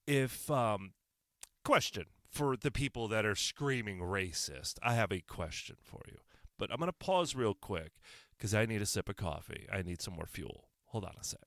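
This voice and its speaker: Sarcastic male podcast host, lively pitch. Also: normal speed, dry recording, studio quality. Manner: sarcastic, fires off rhetorical questions. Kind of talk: solo opinion podcast monologue. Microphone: microphone.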